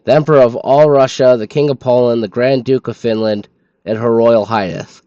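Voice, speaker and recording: A man's voice: medium pitch, steady tone, moderate pace, mellow, no room sound, lo-fi sound. A man streaming a game, reading its in-game documents aloud in a sleepy manner and stumbling over foreign names.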